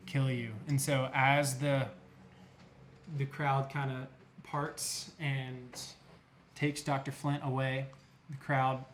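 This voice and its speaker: Young male game master, unhurried and halting, faint noise behind. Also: medium pitch. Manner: halting, many fillers and restarts. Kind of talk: narrating a tabletop game.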